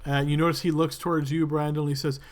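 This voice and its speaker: Man narrating as game master, slightly high voice. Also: level tone, quick pace, faint music behind. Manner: loose, filler-heavy description.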